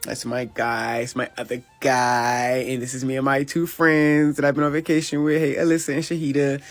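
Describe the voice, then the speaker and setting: A man's voice: medium pitch, level tone, normal speed. A man in a casual travel vlog voice-over, flamboyant and sassy, hyping himself up. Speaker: fashion designer vlogger.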